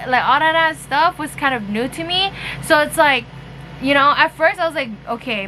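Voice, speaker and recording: A woman's voice: high voice, pushed and bright, slight background noise, poor audio. A young woman telling a casual storytime, chatty and profane, full of "like" and "you know". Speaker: vlogger.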